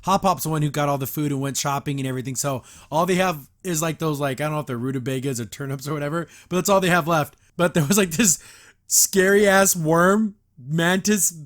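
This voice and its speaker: Guy rambling thru a cartoon recap, laughs a lot, kinda high voice. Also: brisk, fairly bright tone. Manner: rambling, laughs often, many fillers. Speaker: show reviewer and podcast host. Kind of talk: casual episode review.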